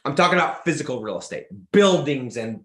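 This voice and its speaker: A young man hosting a podcast, delivering an excitable motivational monologue with lots of emphatic repetition. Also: medium pitch, brisk, reverberant. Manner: excitable, emphatic, repeats words when pumped. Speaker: podcast host.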